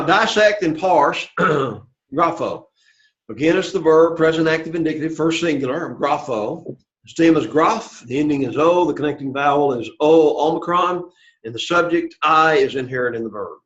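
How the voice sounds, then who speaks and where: A man's voice: a little high, fairly bright tone, lo-fi sound. A man teaching a Greek class, patiently walking students through translations and often checking in with "okay?" and "all right?". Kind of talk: classroom lecture.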